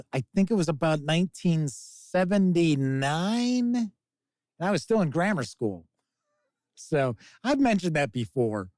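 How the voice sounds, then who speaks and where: A man's voice: a little high, no echo. A man in his fifties, hosting a casual live-stream chat, rambling and reading out viewer comments. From American. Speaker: podcast host reading chat.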